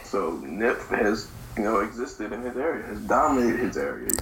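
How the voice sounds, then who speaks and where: A man co-hosting a podcast, talking in a relaxed, thoughtful way about rap. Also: on the low side, normal speed. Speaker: podcast co-host. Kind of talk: casual hip-hop talk. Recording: roomy echo, faint background hiss.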